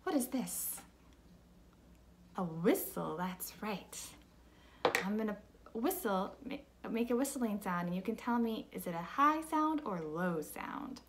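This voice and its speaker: A young woman teacher giving a slow, patient music lesson to children, asking them simple questions. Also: medium pitch, animated, heavy background noise.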